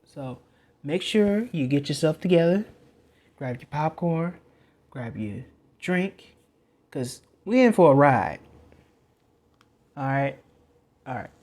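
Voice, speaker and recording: A man hosting a reaction video in casual commentary, talking in a slow, hesitant, rambling way. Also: a little high, expressive, darkish tone.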